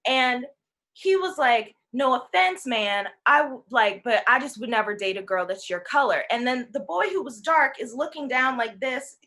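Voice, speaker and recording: A woman in her twenties with a high voice speaks at a moderate pace on a talk panel. She tells a personal story casually and with animation, acting out the voices of the people in it.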